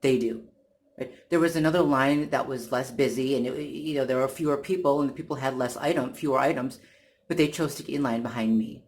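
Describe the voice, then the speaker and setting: Vlogger, casual personal retelling; halting, repetitive, irritated delivery at a middling pitch. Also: darkish tone. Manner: halting, many restarts and repeated words. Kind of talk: casual first-person account.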